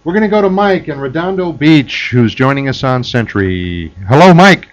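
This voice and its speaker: A man's voice: medium pitch, animated, normal speed. A man hosting a call-in radio talk show, speaking emphatically and taking callers. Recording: dull lo-fi radio broadcast.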